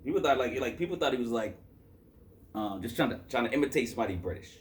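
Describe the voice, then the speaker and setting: A man's voice: medium pitch, expressive, quick pace, slight background noise. A man from Boston reviewing a hip-hop album in loose, rambling casual chat, tired after a work shift and full of fillers and self-corrections.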